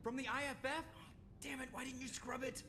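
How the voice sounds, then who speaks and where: A man's voice: extremely high pitch, little pitch movement. An actor voicing a wisecracking, sarcastic male starship pilot in a video game. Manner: sarcastic, quick.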